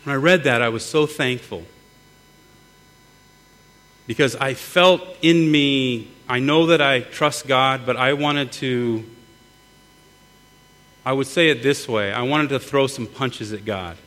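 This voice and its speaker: A man's voice: mid-range voice, slow, pauses often, fairly bright tone. Earnest middle-aged guy preaching, stumbles and repeats words, big echoey hall with a faint hum. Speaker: pastor. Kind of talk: sermon. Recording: long hall reverb, mains hum.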